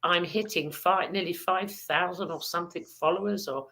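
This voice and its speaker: A woman talks casually as a guest on a video call, hesitant and playful, with lots of "um"s. Her voice sits low but has a bright, sharp edge. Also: moderate pace, vocal fry. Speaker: podcast host guest. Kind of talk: casual online conference chat. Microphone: video call mic.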